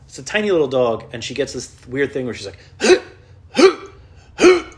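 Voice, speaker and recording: This comedian speaks fast in a sing-song way on his home solo podcast. His rambling comic stories are profane, self-mocking and improvised, and he switches to high, loud put-on voices for anyone he quotes.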